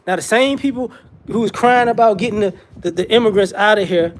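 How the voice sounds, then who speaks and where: A man's voice: sits high, fairly quick, a little hiss or hum. A man giving a casual, rambling commentary monologue with frequent restarts and repetitions.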